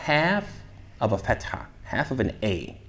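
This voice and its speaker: A man teaches recitation to a room of students, constantly asking "what?" and then answering himself. He recites short Arabic phrases slowly and loudly so they can echo them back. His voice sits at a middling pitch. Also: big pitch swings. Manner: asks the class questions then answers them. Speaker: shaykh teaching tajweed. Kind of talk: interactive classroom lesson.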